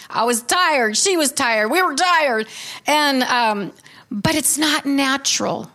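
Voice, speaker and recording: Woman preacher, high voice, heartfelt and emphatic sermon to a congregation. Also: animated, slow pace, sharp tone. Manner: emotional, emphatic preaching with restarts. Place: church hall before a congregation.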